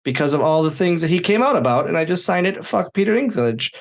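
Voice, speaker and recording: A man's voice: a little high, quick pace. Laid-back male podcast host. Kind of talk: casual chat.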